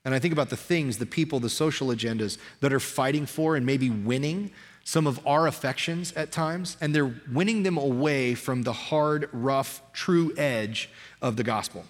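A man preaches to his congregation with a middle-pitched voice, speaking casually and with energy, often restarting his sentences. His voice carries a long reverb from the hall. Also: normal speed. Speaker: pastor. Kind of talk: sermon.

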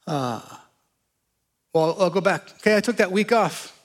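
A man's voice: high voice, expressive, unhurried, long reverb tail. A man preaching a sermon in a conversational way, asking the congregation questions as he explains scripture. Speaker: pastor.

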